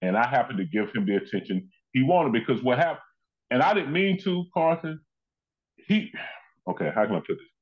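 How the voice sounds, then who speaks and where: This man, a comedian and actor, has a mid-range voice and talks fairly quickly, with the highs cut off in the audio. He shares stories as an interview guest, animatedly acting out the people he quotes.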